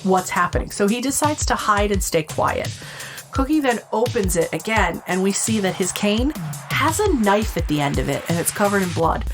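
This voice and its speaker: A woman on a podcast tells a film's story in a lively, swinging voice, jumping into the characters' lines as she goes and swearing without a second thought. Faint music plays behind her. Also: mid-range voice, moderate pace. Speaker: podcast co-host. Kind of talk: casual chat, film recap.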